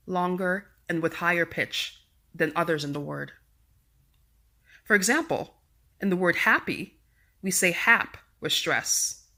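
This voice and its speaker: A woman teaching an English pronunciation lesson, unhurried and slow, every syllable carefully shaped. Her voice sits a little low for a woman, and she takes her time. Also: bright, forceful tone. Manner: deliberate, carefully enunciated teaching delivery. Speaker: English teacher and podcast host.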